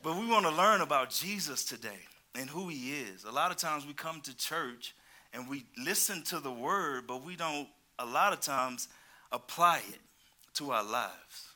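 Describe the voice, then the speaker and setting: A man preaching a sermon, telling an animated, playful story with laughter before turning to scripture. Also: on the high side, moderate pace. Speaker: pastor.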